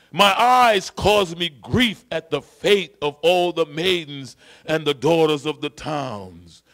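A male pastor preaching a sermon in a church, swinging between shouted declarations and low, quiet lines, and repeating key phrases for emphasis. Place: church sanctuary.

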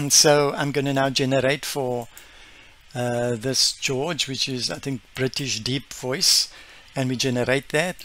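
A man casually walking viewers through a software demo, enthusiastic and chatty, with plenty of fillers. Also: mid-range voice. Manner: enthusiastic, explains step by step with many fillers. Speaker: tech vlogger.

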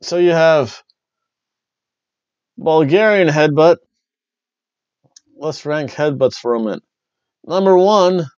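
A man hosting a wrestling review podcast, rambling and joking, jumping between loud bursts and mumbled asides. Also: on the high side, dry recording, highs cut off. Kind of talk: casual review chat.

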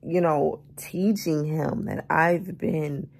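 A woman's voice: sits low, fairly even intonation, takes it slowly, gravelly, husky. A woman of thirty who has just woken up and sounds tired, chatting expressively in a casual vlog, calling her viewers y'all and baby. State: just woke up, tired and groggy. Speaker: vlogger. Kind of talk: casual morning vlog chat. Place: bedroom, lying in bed.

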